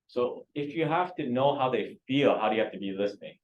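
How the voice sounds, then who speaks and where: A man's voice: medium pitch, lively intonation, brisk, narrow, tinny audio, a little hiss or hum. A man leading a real estate training class, quizzing students and coaxing answers. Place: training room.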